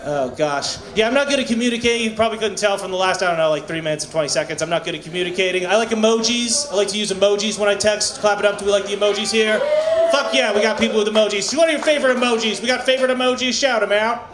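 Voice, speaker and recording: A male stand-up comedian at an open mic, rambling and self-mocking with loud crowd banter. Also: sits high, racing. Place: small comedy venue, echoey room. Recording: echoey room.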